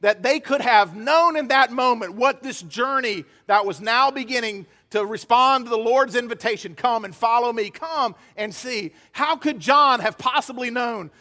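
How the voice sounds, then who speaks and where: Male pastor preaching, high bright voice, long hall echo. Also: normal speed, few pauses. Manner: emphatic preacher, acts out quoted dialogue. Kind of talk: sermon. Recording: hall reverb.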